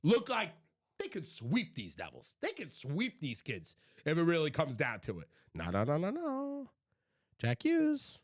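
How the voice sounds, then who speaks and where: Hoarse, excitable New man, lively pitch. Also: moderate pace, hardly any pauses. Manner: excitable, emphatic, repeats points for effect. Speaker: podcast co-host. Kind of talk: casual sports chat.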